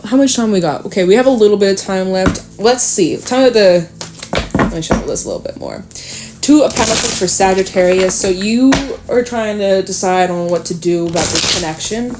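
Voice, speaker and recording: A woman giving a casual tarot reading, talking straight to the listener, chatty and swearing freely, animated at times. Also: medium pitch, a little fast, background noise. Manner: animated, with sudden laughs and exclamations. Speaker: tarot reader.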